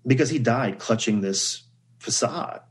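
A man's voice: medium pitch, animated, unhurried, poor audio. A man speaking as a podcast guest in casual conversation, reflective and earnest, often telling stories.

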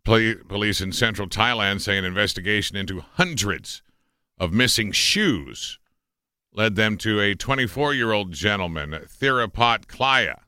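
A man co-hosting a talk radio show, his voice bright and clean. He reads odd news items with a wry, deadpan touch. The sound is dry and close. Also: fairly low pitch, moderate pace, clean tone, dry recording. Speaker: radio show host reading news stories. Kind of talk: casual radio banter.

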